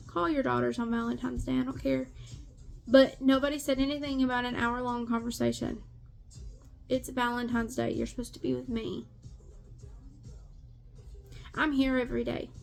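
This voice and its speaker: A woman's voice: a little high, gravelly. A middle-aged woman venting bluntly about family drama, exasperated, swearing freely and repeating herself for emphasis. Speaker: stepmother vlogger. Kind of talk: venting rant to camera.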